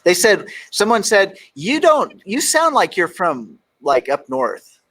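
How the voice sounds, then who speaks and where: A man's voice: high-pitched, wildly swooping pitch, slow, fairly bright tone. A middle-aged man from Texas hosting a talk show, joking around and reading quotes aloud with emphasis. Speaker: radio show host. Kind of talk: casual talk show banter.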